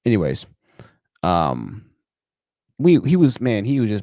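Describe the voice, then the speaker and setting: A man hosting a livestream call-in show, telling stories in a chatty, animated way and laughing at his own jokes. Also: mid-range voice, a little fast, no echo, clean studio sound. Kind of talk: livestream commentary and storytelling.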